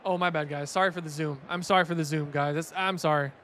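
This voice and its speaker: High, bright-voiced young male game commentator. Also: quick pace, slight background noise. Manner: excitable, rising loud on big plays, chatty asides to chat. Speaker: stream commentator. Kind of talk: casual play-by-play commentary.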